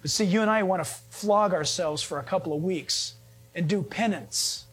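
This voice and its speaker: A middle-aged male pastor delivers a sermon in a high, ringing voice. He preaches with animated conviction, firing rhetorical questions at his congregation and breaking into jokes. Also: normal speed, slightly rough.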